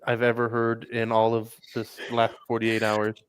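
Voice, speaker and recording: A man's voice: mid-range voice, monotone, unhurried, smooth, no echo. A man in a casual political chat, sounding exasperated and incredulous.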